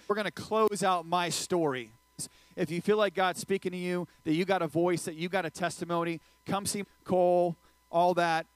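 An energetic male preacher with a slightly high voice, joking and talking straight to his young crowd. The sound is dry, with little room echo. He delivers a loose, casual sermon. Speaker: youth pastor.

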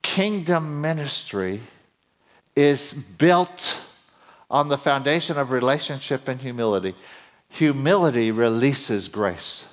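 A middle-aged male preacher giving a sermon, his voice climbing higher and louder as he gets excited. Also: slow. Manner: voice climbs high and loud when excited.

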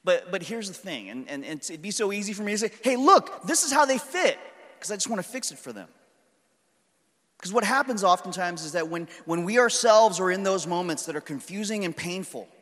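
A man's voice: high voice, expressive, fairly quick, fairly bright tone. A man in his thirties preaching a sermon, telling a story about his daughters in an earnest, conversational way. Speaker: pastor. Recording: reverberant hall.

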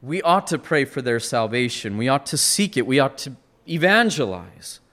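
A man preaches an earnest expository sermon. His voice sits at an ordinary pitch but climbs and swells when he presses a point. He often restarts phrases and repeats words as he works through the text. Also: big pitch swings, normal speed, fairly bright tone. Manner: earnest expository preaching, rising to emphatic peaks.

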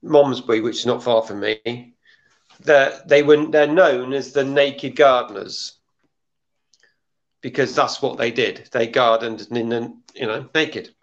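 A man's voice: medium pitch, measured pace, muffled recording. A man chatting casually as a guest, dry and understated. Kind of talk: casual chat.

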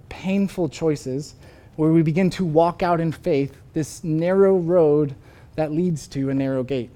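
A pastor preaching with a warm, mellow voice, telling a story in an earnest, unhurried way. He draws the listeners in before leading them into a prayer. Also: a little high. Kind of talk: sermon.

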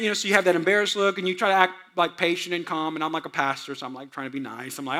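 High-voiced bright pastor preaching. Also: male voice, fairly even intonation, racing, few pauses. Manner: storytelling, acts out quotes, laughs with the audience. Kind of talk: sermon.

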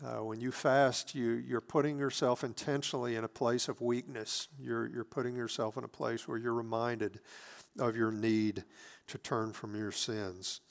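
A man preaching a sermon as pastor, earnest, moving between emphatic lines and hushed, near-whispered asides. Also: mid-range voice, level tone, normal speed, creaky.

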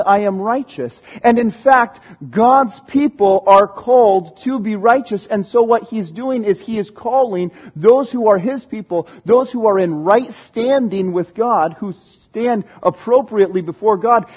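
A male pastor with a high, husky voice delivers a lively, conversational sermon in a church. He talks easily with the congregation and sometimes breaks into shouts. The recording is muffled and lo-fi.

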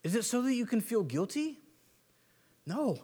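A man preaching a sermon, animated, acting out quick voices of biblical figures and swinging between soft and emphatic delivery. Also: extremely high pitch, breathy edge. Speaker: pastor.

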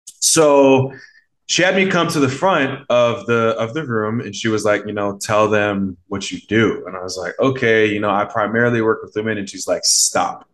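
A man with a fairly low voice chats as a podcast guest, a mindset coach who tells his story in a loose, meandering way. He leans on fillers and slips into quoted voices as he goes. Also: moderate pace, a bit bright. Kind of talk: casual conversational storytelling.

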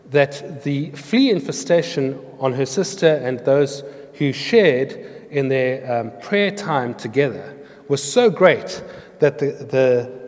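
A man preaching in an earnest, storytelling way, with his voice at a middle pitch for a man. A long reverb trails his words through a large hall, as if from a church. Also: a little mellow. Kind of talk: sermon with scripture reading.

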